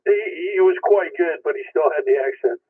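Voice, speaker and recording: A man checking in on a ham radio net, talking casually with many halting restarts. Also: fairly high pitch, slightly rough. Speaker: caller checking in. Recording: tinny radio transmission.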